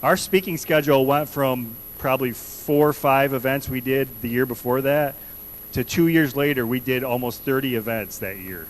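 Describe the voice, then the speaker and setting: A man's voice: medium pitch, moderate pace, slight background noise, poor audio. A man preaching a conversational sermon in a church, earnestly repeating questions to the congregation. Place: church sanctuary.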